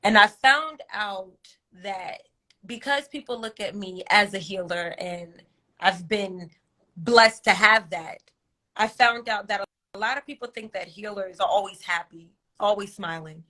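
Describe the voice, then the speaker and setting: A woman's voice: mid-range voice, measured pace, sharp tone. A woman who calls herself a healer, in a candid podcast conversation, telling an emotional story vividly and acting out her inner dialogue.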